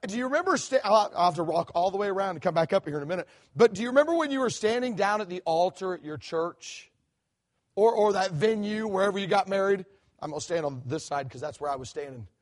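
Middle-aged male guest preacher, high-pitched, animated, repeats himself mid-sentence. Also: quick pace. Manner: animated, acts out quoted voices, many restarts. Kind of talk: sermon. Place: church sanctuary.

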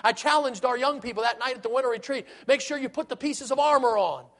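Pastor guy preaching, real high voice, earnest and repetitive. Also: fast, a bit bright. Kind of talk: sermon.

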